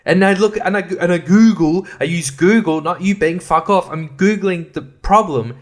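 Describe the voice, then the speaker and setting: A man's voice: high voice, normal speed. An Australian man in his thirties ranting profanely and exasperatedly as a solo podcast host, laughing at his own complaints. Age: 30s.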